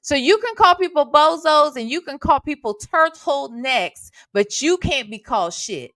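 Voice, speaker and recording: A woman's voice: high-pitched, lively intonation, moderate pace, fairly bright tone, no room sound, studio quality. A woman hosting a casual livestream from home, chatting with her viewers and swearing casually into a desk microphone. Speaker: reaction channel host.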